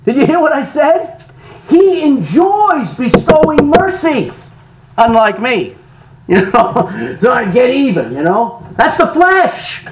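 A man preaching a sermon, jumping from loud exclamations to soft asides and laughing between phrases. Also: very high-pitched, takes it slowly, heavy background noise. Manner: animated preaching, sudden loud rises and soft drops. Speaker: pastor.

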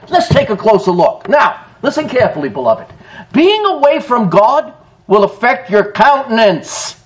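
A man preaching a sermon in an animated way, often laughing and calling his listeners folks. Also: very high-pitched, moderate pace. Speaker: pastor.

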